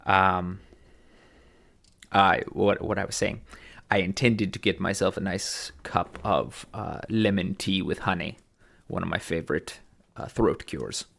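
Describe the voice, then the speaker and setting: A man chatting casually on a livestream from home, halting with many fillers and a dry, formal humor. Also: low-pitched, vocal fry, fairly bright tone. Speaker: streamer. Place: home room.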